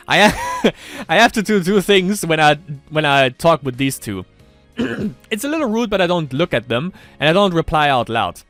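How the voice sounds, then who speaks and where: A man's voice: on the high side, wildly swooping pitch, normal speed, a bit bright, no echo, soft background music. A man doing casual let's-play commentary, reading a visual novel aloud with rambling asides and frequent laughter.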